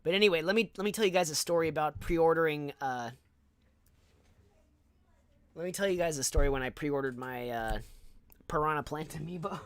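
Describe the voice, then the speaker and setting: A young man from Southern California streaming, telling a casual story in a chatty, animated way with lots of fillers and asides. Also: fairly high pitch, a little fast, long pauses, smooth.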